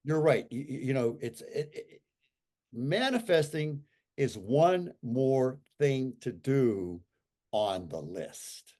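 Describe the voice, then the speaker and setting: A man in his sixties, a guest on an interview, who talks in an animated and emphatic way and repeats his points for effect. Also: mid-range voice, slow pace. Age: 60s. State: recovering from a stroke. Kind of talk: casual conversational talk.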